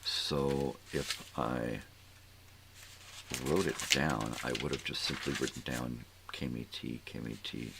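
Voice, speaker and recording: Slow, gravelly older man rambling. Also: very deep voice, steady tone, noisy background. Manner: rambling, thinking aloud, trailing into mumbles. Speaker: host. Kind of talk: casual morning show chat.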